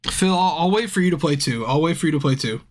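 A man's voice: on the high side, expressive, fast talker. A drunk man streaming a game, chatting casually with his viewers by name, frustrated and swearing a lot. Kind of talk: casual live-stream chat.

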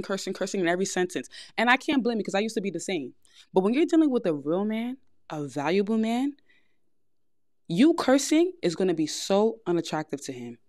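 A woman's voice: on the low side, mellow, no room sound, studio quality. A young woman with a New York accent, hosting a podcast and giving frank, blunt advice in a casual monologue. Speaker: podcast host.

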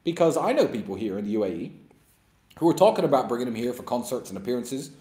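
A man's voice: mid-range voice, very animated, fast, warm tone. A man hosting a live stream, talking bluntly and emphatically in a mocking, opinionated monologue. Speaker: livestream host. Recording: roomy echo.

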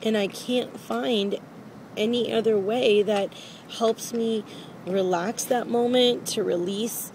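A woman's voice: a little high, fairly even intonation, slow, a little mellow, slight background noise, low-quality recording. A woman telling a personal story in a vlog, rambling and repeating herself with many fillers and restarts. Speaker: vlogger.

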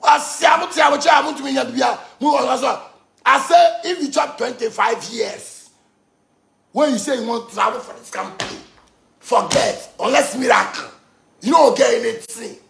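Fired-up Ghanaian man with a gravelly voice. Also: extremely high pitch, moderate pace, echoey room. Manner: animated, bursts into shouting, mixes pidgin and local words. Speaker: musician on a live stream. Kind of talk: heated live-stream rant.

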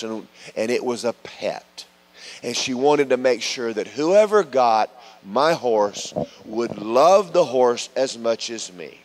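Preacher swinging loud to soft. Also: male voice, mid-range voice. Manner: lively storytelling preacher, swings from loud calls to soft asides. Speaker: pastor. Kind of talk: sermon. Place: church sanctuary.

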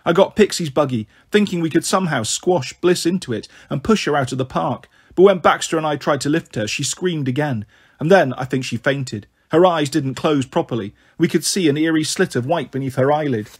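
A man reading a children's novel aloud in a measured, earnest storytelling manner. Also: on the high side, slightly rough. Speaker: audiobook reader. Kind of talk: scripted narration of a children's novel.

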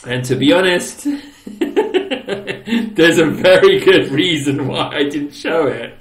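A man giving casual game commentary with a bouncy, wide-ranging voice that leaps up and down as he chuckles at his own creations. He speaks slowly and unhurried, teasing and exclaiming playfully. The sound bounces around a roomy, echoey space. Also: a little high, big pitch swings. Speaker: gaming channel host. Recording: roomy echo.

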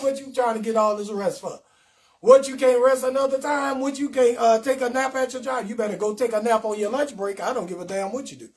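Brash high-voiced comedian hosting live. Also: male voice. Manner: brash, profane, animated, talks straight to viewers. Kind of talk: loud comedic live-stream rant.

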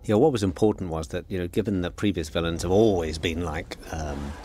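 A middle-aged man giving a relaxed, anecdotal film commentary as the director, with frequent fillers. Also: low-pitched, brisk, soft background music. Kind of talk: DVD audio commentary.

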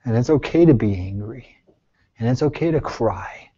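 A male therapist leading a support group, talking earnestly and reassuringly, moving between soft, hushed phrases and emphatic bursts and asking the group many questions. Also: mid-range voice, lively intonation, normal speed, slightly rough. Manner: pleading, reassuring, asks the group frequent questions. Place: group session room. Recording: dull lo-fi recording.

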